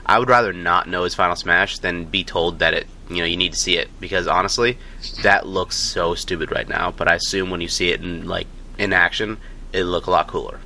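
Male co-host, very deep yet bright voice; loose, rambling talker. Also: fairly even intonation, fairly quick, slight background noise. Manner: rambling, many fillers. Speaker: podcast co-host. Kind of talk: casual gaming podcast chat.

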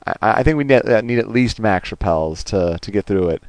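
A man's voice: lowish voice, brisk, a little hiss or hum. A man co-hosting a casual gaming podcast, rambling along with plenty of ums and uhs. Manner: relaxed, rambling with many fillers. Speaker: podcast co-host.

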